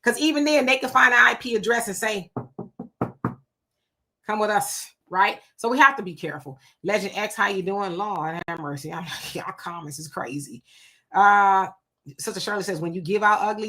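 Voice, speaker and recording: Woman host, crisp bright tone, casual live-chat reader. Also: mid-range voice, brisk. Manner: greets commenters by name and reacts conversationally. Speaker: livestream host reading chat comments.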